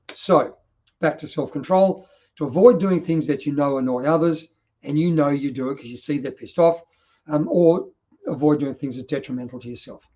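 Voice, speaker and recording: A man's voice: on the high side, normal speed, warm tone, muffled recording. A middle-aged man with an Australian accent, talking bluntly and passionately in a casual monologue and swearing freely. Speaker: podcast host.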